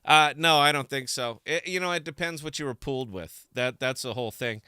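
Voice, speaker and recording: A man's voice: mid-range voice, fairly quick, bright, forceful tone, clean tone, no room sound, studio quality. A man hosting a live podcast stream and talking to camera in a rambling, distracted way with many restarts. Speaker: podcast host.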